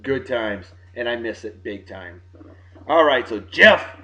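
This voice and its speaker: A man hosting a casual solo show, rambling through shout-outs to friends and bursting into loud wrestling catchphrases now and then. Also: on the low side, animated, moderate pace, muffled recording. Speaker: podcast host.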